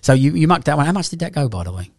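Man, casual banter host, mid pitch, dry close mic, swears freely. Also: sing-song, very fast, a little mellow, no echo. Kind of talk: casual chat.

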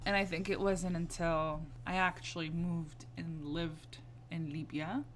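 A young adult woman from the United States, a guest in a casual interview, talking reflectively with many fillers and growing animated when she stresses a point. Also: fairly low pitch, measured pace, slight background noise.

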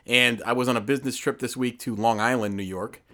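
A middle-aged man co-hosting a podcast, chatting casually and jumping into high, excited tones. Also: brisk. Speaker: podcast co-host. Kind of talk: casual chat.

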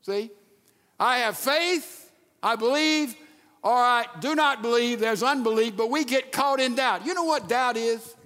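A high-voiced man delivers a sermon in an animated style. He acts out the quoted lines and sometimes drops to a hushed voice. His voice carries a long reverb from a large sanctuary. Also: unhurried. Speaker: pastor. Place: church sanctuary.

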